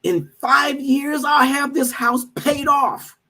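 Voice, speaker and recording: A man's voice: very high voice, steady tone, voice pushed up, heavily acted, low-quality recording. A man putting on the voice of an emphatic, confident Trinidadian man with a Trinidadian accent, stretching his words for emphasis. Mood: insistent. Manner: forceful, drawn-out emphasis.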